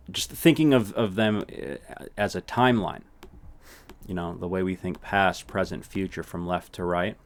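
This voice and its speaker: A male language teacher with a low voice talks through a casual lesson. He speaks slowly and easily, repeating words for practice and often checking in with "right?".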